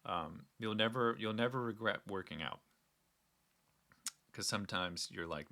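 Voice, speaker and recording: A man's voice: on the low side, a little slow, pauses often, pushed and bright. A young man hosting a casual solo talk, rambling and earnest with frequent restarts. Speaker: podcast host.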